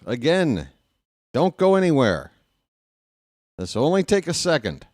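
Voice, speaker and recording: An American man giving casual live fan play-by-play of a baseball game, chatty and talking to himself, with excitable bursts. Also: on the high side, unhurried, no echo, clean studio sound. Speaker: play-by-play commentator.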